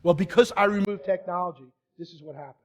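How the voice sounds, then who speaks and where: A middle-aged man giving a keynote speech on stage, telling a story in a playful, animated way. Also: high-pitched, fast talker. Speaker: keynote speaker. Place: conference stage in a large hall. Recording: long reverb of a large hall.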